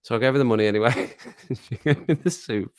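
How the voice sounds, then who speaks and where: A man's voice: medium pitch, quick pace, clear, resonant tone, dry recording, studio quality. A man hosting a livestream, chatting casually, reading the chat aloud and laughing often. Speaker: livestream host.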